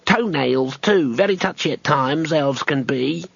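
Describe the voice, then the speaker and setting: A man's voice: a little high, unhurried, creaky, breathy edge, no echo, muffled recording, full character voice. A man doing a jittery little gnome. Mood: wary. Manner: hesitant, backpedalling. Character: small nervous male gnome, talking fast and hedging.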